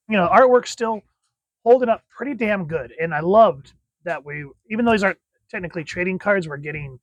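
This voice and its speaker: An excited man talks casually through a comic book review. His voice sits slightly high, and the sound is dry and close. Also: no room sound. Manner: enthusiastic, chatty.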